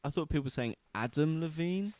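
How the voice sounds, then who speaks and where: A man's voice: fairly high pitch, lively intonation, fairly quick, no echo. A young man co-hosting a podcast, joking in casual banter. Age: young adult. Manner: jokey, slips into loud put-on voices. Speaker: podcast co-host.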